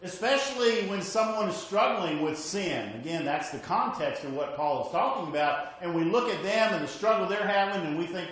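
A man's voice: high-pitched, animated, normal speed, few pauses, fairly bright tone. A man preaching a sermon, emphatic, repeating his points and often checking in with "okay?". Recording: very echoey hall with faint ambience.

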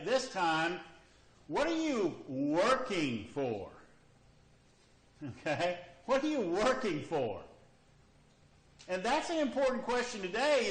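Animated male preacher in an echoey room. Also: high-pitched. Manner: questioning, repeats "okay?" and "you see?". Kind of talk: sermon.

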